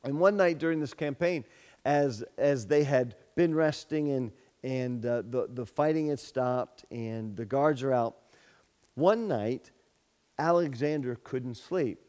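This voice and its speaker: A man's voice: medium pitch, a little slow. A man preaching a sermon as pastor, telling a story with many restarts and repeated words, and raising his voice sharply for the lines of the story. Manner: storytelling, repeats words, grows loud for dialogue. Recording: long hall reverb.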